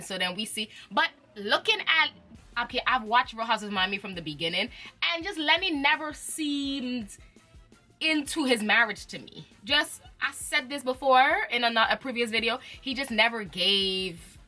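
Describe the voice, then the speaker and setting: Lively, chatty young woman. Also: fairly high pitch, moderate pace, faint music behind. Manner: animated, chatty, uses slang and laughs often. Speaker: reality TV commentator. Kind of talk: casual chat.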